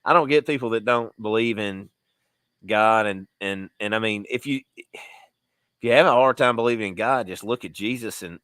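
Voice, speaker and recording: A man's voice: fairly low pitch, a bit bright, no room sound. A man co-hosting a casual faith podcast, rambling and reflective, with frequent restarts. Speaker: podcast co-host.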